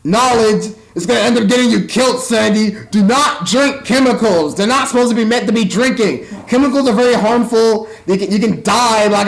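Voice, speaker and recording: A man's voice: high voice, low-quality recording. A man ranting casually into his webcam at home, rambling and exasperated as he goes. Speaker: vlogger.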